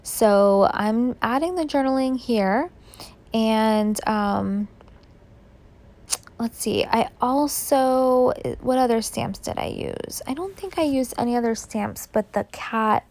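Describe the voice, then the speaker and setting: Woman, sleepy late-night voiceover, gravelly, rambly chat with lots of fillers. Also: on the high side, slow, a little mellow. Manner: chatty, rambling, many fillers. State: sleepy, yawning. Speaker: scrapbooking video creator. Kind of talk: casual voiceover narration. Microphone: voice-over.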